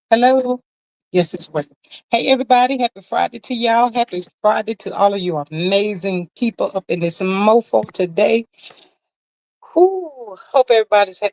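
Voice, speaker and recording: A woman's voice: medium pitch, darkish tone, dry recording, rough recording. A woman hosting a casual livestream, chatty and slangy, greeting viewers by name and reading their comments aloud. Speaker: livestream host.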